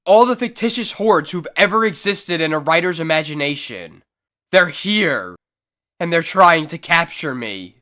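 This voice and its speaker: A man voicing a gruff, skeptical police sergeant in a comic reading. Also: fairly high pitch, lively intonation, unhurried, bright, forceful tone, voice pushed up. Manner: gruff, dismissive.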